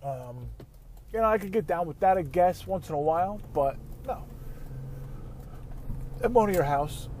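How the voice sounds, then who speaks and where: Heated man, somewhat high voice, swearing and rambling from his car, faint road noise. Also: lively intonation, moderate pace, long pauses, dark tone. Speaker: vlogger ranting while driving. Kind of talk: casual profane rant. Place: inside a car.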